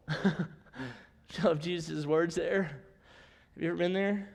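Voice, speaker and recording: A male pastor with a high voice gives a conversational sermon, addressing the congregation casually and slipping humorous asides between points. He speaks slowly with lively intonation, vocal fry and frequent pauses, and a long reverb carries through the sanctuary.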